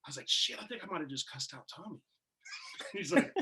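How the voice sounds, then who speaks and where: A man telling casual, animated stories in an interview, swearing and laughing as he goes. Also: high voice, a little fast, vocal fry, slight background noise. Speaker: wrestler guest. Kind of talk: casual storytelling in a shoot interview.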